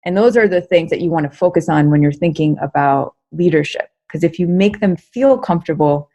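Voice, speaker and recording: A young adult woman, a guest researcher and comedian, answering interview questions in an energetic, chatty way, full of fillers and repeated words. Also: low-pitched, a little fast.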